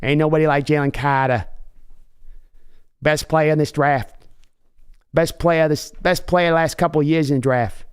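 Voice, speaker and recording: A man's voice: on the high side, steady tone, normal speed, pauses often, clear, resonant tone, lightly acted. A man voicing a hyped male sports fan with a Boston accent who keeps saying "wicked". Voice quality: brash, repeats "wicked".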